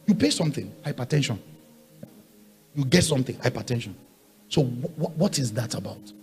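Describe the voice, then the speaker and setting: A man preaching a sermon, swinging from quiet asides to loud shouted points and hammering on repeated rhetorical questions. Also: mid-range voice, lively intonation, brisk, gravelly, slightly rough, faint music behind. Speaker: pastor.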